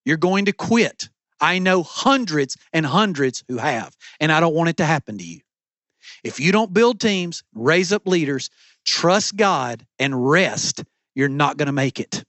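A man's voice: fairly high pitch, lively intonation, a little slow, a bit bright, no echo. A middle-aged man preaching a sermon as pastor from a church stage, with an emphatic, repetitive cadence.

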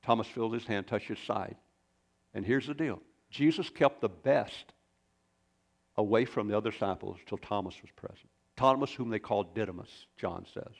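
A man's voice: on the low side, normal speed, gravelly. A male pastor preaching a sermon in a folksy, storytelling way, with rambling asides.

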